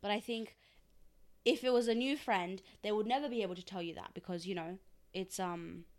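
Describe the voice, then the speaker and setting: A woman's voice: medium pitch, steady tone, fairly quick. A young woman co-hosting a podcast, chatting casually and animatedly, laughing often. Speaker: podcast co-host. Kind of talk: casual chat.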